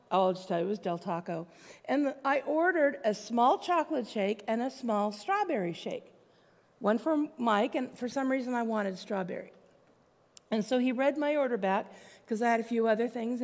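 A woman pastor giving a sermon in a conversational, plainspoken way, with asides to the congregation. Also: on the high side. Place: church sanctuary. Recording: long church hall reverb.

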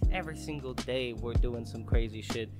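A man commentating a video game as he plays, excitable, laughing and swearing, talking back to the characters on screen. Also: mid-range voice, normal speed, loud music behind the voice. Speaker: gaming YouTuber. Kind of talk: let's play commentary.

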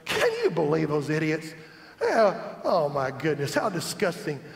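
A man voicing a sly, cruel devil who whispers temptations, hushed, sneering and coaxing. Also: fairly high pitch, very animated, a little slow, gravelly, heavily acted. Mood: scornful. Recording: echoey church hall.

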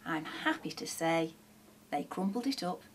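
Female teacher, storybook read-aloud; husky, animated sing-song delivery. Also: low voice, measured pace. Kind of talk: reading a children's picture book aloud.

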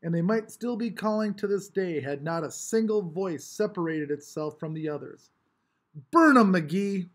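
Expressive man reading a novel. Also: a little high, normal speed, hardly any pauses. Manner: expressive, varied storytelling. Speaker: audiobook reader.

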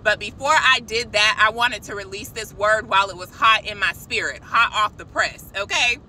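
Woman preaching to her followers from the car, super bright voice, faint traffic outside. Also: medium pitch, moderate pace, poor audio. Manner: excited, preachy, addresses viewers as y'all. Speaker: christian vlogger. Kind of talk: casual spiritual vlog. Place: parked car outside a shop.

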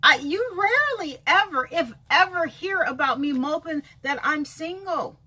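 A woman's voice: high-pitched, normal speed, bright, forceful tone. A woman giving a frank, emphatic vlog monologue, often repeating phrases for effect. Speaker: vlogger.

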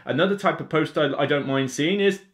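This Somerset man's voice is on the high side and brisk as he addresses the camera for his board game channel. He rants in a lively, casual way, filling his speech with fillers.

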